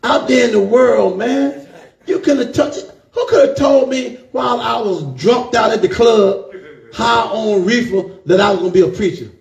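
A man preaches a fervent sermon with a high-pitched voice. His tone has a gravelly rasp, and he keeps calling out to his congregation. The sound echoes around a roomy church. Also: moderate pace.

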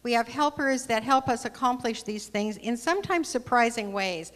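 A woman's voice: on the high side, animated, normal speed. A woman speaking at a spiritual gathering, reading a story aloud in a conversational way into a handheld microphone. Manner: warm, conversational, with fillers. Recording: long hall reverb.

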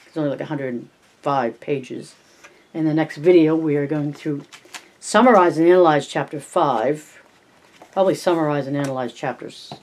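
A host reading a novel chapter aloud in a plain, steady way, then closing the video. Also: mid-range voice, low-quality recording. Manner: plain reading with small slips and restarts. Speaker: reader and homework-help host.

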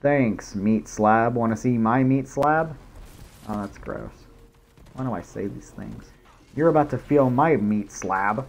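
A man's voice: mid-range voice, takes it slowly, vocal fry, slight background noise. A young man, a gaming YouTuber, rambling goofily in casual commentary while he plays. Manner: goofy, rambling, jumps into silly voices.

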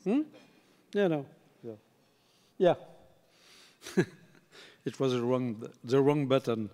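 An older man with a French accent giving a conference keynote, tired and halting, with many fillers and self-deprecating remarks. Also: mid-range voice, lively intonation, mellow. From France. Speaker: keynote speaker. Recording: long hall reverb.

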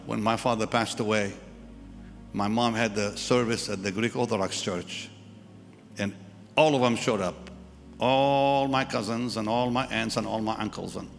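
This lowish, creaky male voice has a fairly bright tone. He is preaching at a live church service, recounting a personal story and performing the voices of the people involved, in a reverberant church hall with music.

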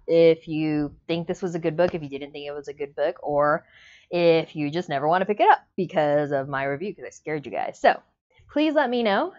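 A woman's voice: on the low side, lo-fi sound. Emotional woman with a drawl reviewing a book. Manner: emotional, animated, acts out her own reactions. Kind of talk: casual video book review.

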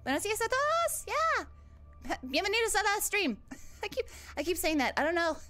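A bubbly, sweet young huntress girl chatting live on stream. Her high voice bounces all over the place, full of excited squeals. The delivery stays playful and animated throughout. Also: moderate pace, soft background music, heavily acted. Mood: cheerful. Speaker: VTuber streamer. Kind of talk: live-stream chat in character.

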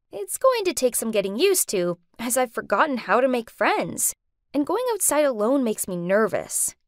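A woman's voice: a little high, dry recording, studio quality. A woman narrating a personal story in the first person, reflective and wistful.

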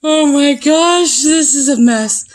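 A woman's voice: high-pitched, slow, faint music behind, rough recording. A woman vlogging a casual grocery haul at home, chatting as she lists each item one after another. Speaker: mom vlogger.

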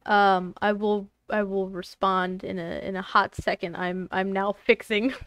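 A woman's voice: medium pitch, level tone, unhurried, fairly bright tone, clean tone, dry recording, clean studio sound. A young woman streamer chatting casually to viewers, exasperated and swearing at her technical trouble. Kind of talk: casual live-stream chat.

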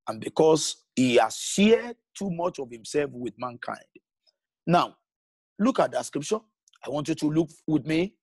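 A man preaching a sermon as pastor, emphatic, with big swings in pitch and pace and halting restarts when explaining. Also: a little mellow, slightly rough, no echo.

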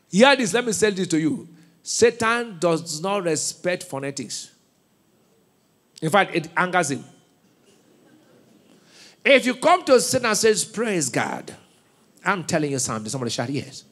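Man, Nigerian accent, pastor preaching, high animated voice, shouts and laughs, call-and-response. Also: a little slow, long pauses. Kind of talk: sermon. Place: church.

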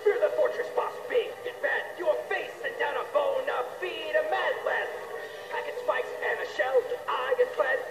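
A singer voicing Boom Boom, a big, mean, boastful male koopa fortress boss, in a sung cover of a game song with backing music. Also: normal speed, roomy sound. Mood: taunting. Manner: taunting, boastful, swooping sung delivery.

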